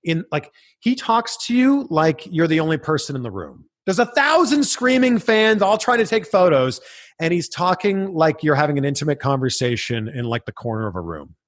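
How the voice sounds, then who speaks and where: A man in his thirties, a guest interviewer telling lively anecdotes in casual chat. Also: fairly high pitch. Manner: animated, quick anecdotes with acted quotes.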